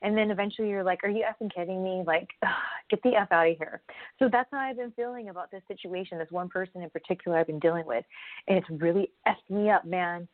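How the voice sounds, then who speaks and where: A woman's voice: mid-range voice, fairly even intonation, quick pace, no echo. A woman talking candidly in a casual personal vlog, rambling and losing her train of thought now and then. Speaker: vlogger. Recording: dry, phone-like narrow sound.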